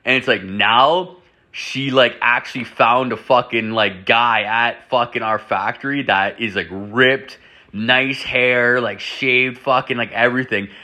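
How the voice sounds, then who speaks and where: A man's voice: mid-range voice, steady tone, measured pace, sharp tone. A young man hosting a podcast, telling a rambling story full of swearing and "like" fillers. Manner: profane, rambling, heavy on "like" fillers. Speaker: podcast host. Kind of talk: casual storytelling.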